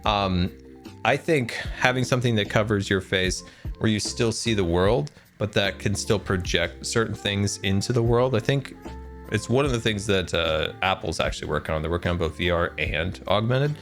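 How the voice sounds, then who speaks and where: A man's voice: on the low side, moderate pace, fairly bright tone, soft background music. A man live-streaming a game, chatting casually with viewers in a rambling way and laughing often. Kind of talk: casual live-stream chat while gaming.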